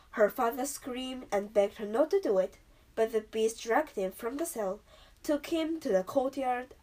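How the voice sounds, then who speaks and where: Woman storyteller, fairly high voice, measured and expressive read-aloud.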